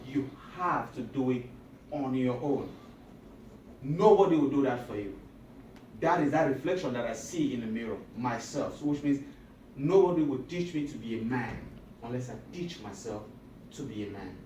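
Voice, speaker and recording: A man speaking to high school students in a motivational talk. He is emphatic and repetitive and often asks the audience questions. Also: lively intonation, normal speed, darkish tone, slight background noise. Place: school auditorium or hall. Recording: echoey room recorded from a distance.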